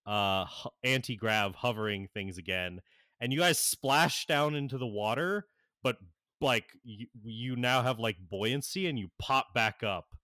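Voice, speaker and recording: A man running a tabletop game as game master, narrating in a halting way with many fillers and frequent laughs. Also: mid-range voice, bright, forceful tone, no room sound, studio quality.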